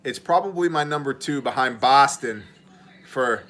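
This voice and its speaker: A man's voice: mid-range voice, moderate pace, a bit bright, a little hiss or hum. A man hosting a casual livestream, reading viewer messages and joking around in a rambling way. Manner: joking, rambling, drifts into mock voices. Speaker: livestream host and ministry leader.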